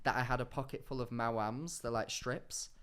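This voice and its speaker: A man's voice: mid-range voice, steady tone, normal speed, a bit bright, clear, resonant tone. A young man co-hosting a podcast in casual, teasing chat, given to mock outrage and swearing. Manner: playful, mock-indignant banter with bursts of swearing. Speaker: podcast co-host.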